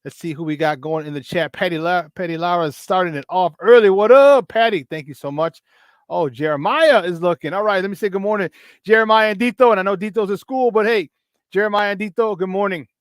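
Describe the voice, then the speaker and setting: A man hosting a casual morning sports talk show, hyped up and shouting out viewers by name, then dropping into low, tired muttering. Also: quick pace, no echo, clean studio sound. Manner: swings between loud excitement and low, tired muttering.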